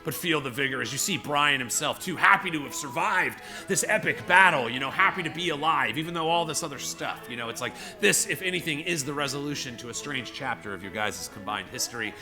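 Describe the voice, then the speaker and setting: A man's voice: medium pitch, expressive, fairly quick, hardly any pauses, over music. A man narrating a tabletop game as game master, rambling with many fillers. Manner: rambling, filler-heavy storytelling.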